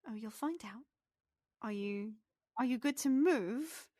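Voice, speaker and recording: A woman's voice: on the high side, expressive, slow pace, no room sound, clean studio sound, pitched above the performer's own voice. A woman voicing a tiny, playful female pixie who teases and giggles. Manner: bright, teasing, giggly.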